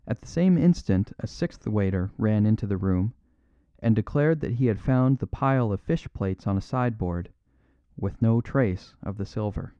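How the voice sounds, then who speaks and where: A man narrating a classic mystery audiobook in a measured, even storytelling manner. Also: lowish voice, clean tone, no echo, lo-fi sound.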